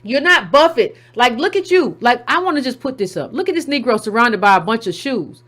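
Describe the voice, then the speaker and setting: A woman's voice: fairly high pitch, expressive, a little fast, fairly bright tone. A woman hosting a call-in show who gives heated, sarcastic commentary. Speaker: host.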